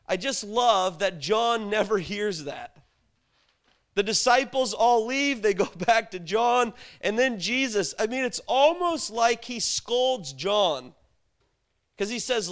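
Male preacher, high voice, smooth and resonant, storytelling sermon, rhetorical questions. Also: expressive, unhurried, a bit bright.

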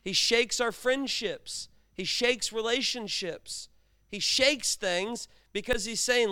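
A middle-aged man preaching in a casual, conversational way. His voice sits high and sounds clean and resonant. He often slips into acted-out dialogue and climbs higher to stress a point. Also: slow, bright, forceful tone, clear, resonant tone. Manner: conversational preaching, acts out dialogue, emphatic rises. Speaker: pastor. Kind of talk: sermon.

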